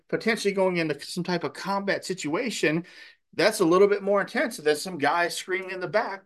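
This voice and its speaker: A male pastor giving a sermon and telling a story in a relaxed, conversational way with many fillers. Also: sits high.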